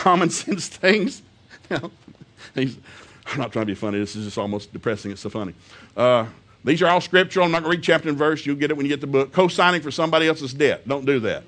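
A man's voice: on the high side, fairly bright tone. A middle-aged man preaching a folksy, humorous sermon, telling family stories and laughing often.

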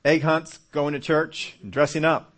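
A man's voice: on the high side, little pitch movement, unhurried, fairly bright tone. A man voicing a friendly woman head nurse who answers lightly, in a story told during a sermon. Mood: offhand.

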